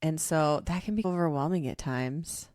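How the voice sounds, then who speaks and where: Deep-voiced woman co-host, chatty. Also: normal speed, a little mellow, no echo, studio quality. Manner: laughs often, chimes in with short replies. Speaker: podcast co-host. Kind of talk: casual chat.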